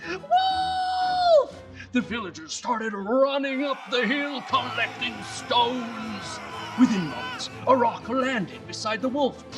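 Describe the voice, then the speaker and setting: A woman telling a bedtime story slowly and expressively. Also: fairly high pitch. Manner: slow, very expressive, hushed at times. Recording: distant mic, soft music behind.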